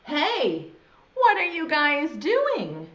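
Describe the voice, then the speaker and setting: A woman's voice: high-pitched, wildly swooping pitch, a bit bright, pitched above the performer's own voice, heavily acted. Woman doing a silly impatient caterpillar boy. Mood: eager. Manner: fidgety, pestering, quick questions. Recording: dull echoey room sound.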